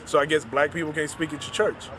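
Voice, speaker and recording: A man, an author, recounting a personal story and retelling the dialogue in quick back-and-forth. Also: a little high, steady tone, background noise.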